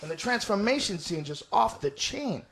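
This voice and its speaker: A man's voice: high voice, very animated, normal speed, fairly bright tone, slight background noise. Emphatic, profane male podcast host. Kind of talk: casual chat.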